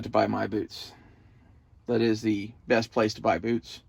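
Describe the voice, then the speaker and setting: A man's voice: on the low side, normal speed, gravelly, no echo, muffled recording. A young man, talking to the camera in a loose, profane, meandering monologue that turns emotional at times. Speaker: vlogger. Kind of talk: casual rambling monologue.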